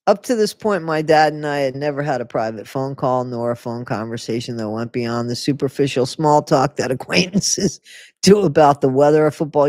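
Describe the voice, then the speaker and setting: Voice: mid-range voice, moderate pace, pauses often, darkish tone, no room sound, clean studio sound. A host reading a memoir aloud, breaking in with mocking, sarcastic comments and frequent laughter.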